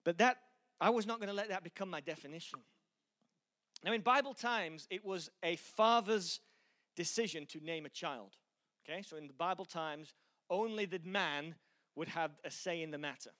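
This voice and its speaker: A man's voice: high-pitched, normal speed, a bit bright. A middle-aged male pastor with a mixed Yorkshire and American accent, preaching with self-deprecating humor and earnest encouragement. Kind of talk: sermon.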